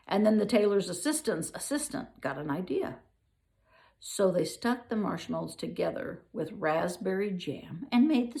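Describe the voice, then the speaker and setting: A woman's voice: mid-range voice, gravelly, dark tone. An older woman reading a children's book aloud, with playful asides to the listener.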